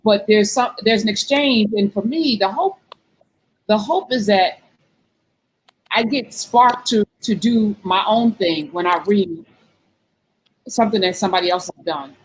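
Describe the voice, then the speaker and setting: A woman's voice: mid-range voice, measured pace, long pauses, breathy edge, rough recording. A woman in a live class discussion, relaying audience questions and thinking aloud, correcting herself as she goes. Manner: thoughtful, corrects herself mid-thought. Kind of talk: conversational discussion.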